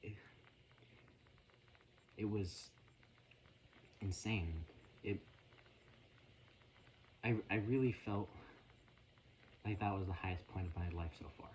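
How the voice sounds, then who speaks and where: A young man vlogging into his phone, telling a story in an earnest, halting, emotional way with a casual rambling style. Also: sits low, darkish tone, highs cut off, a little hiss or hum.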